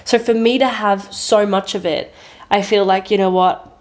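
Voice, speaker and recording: A young woman co-hosting a podcast, telling personal stories in casual chat. Her voice sits at an ordinary middle pitch. She talks earnestly and with feeling, and swears freely. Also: fairly even intonation, moderate pace, darkish tone. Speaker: podcast co-host.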